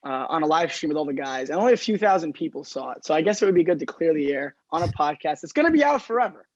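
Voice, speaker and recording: A man's voice: on the high side, expressive, fast, no echo. A man, chatting as a podcast guest over a video call, laughing often and filling his talk with "like". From Staten Island, New York. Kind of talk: casual chat. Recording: slightly dull lo-fi call audio.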